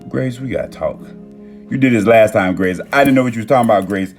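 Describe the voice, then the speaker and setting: A man with a very deep, gravelly voice chats on a phone live stream at home, reading comments and offering warm, affirming words. He often jumps into excited, stumbling bursts, and a song plays faintly behind him. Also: brisk. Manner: warm, affirming, talks about love and manifesting. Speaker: TikTok live host. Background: soft music playing.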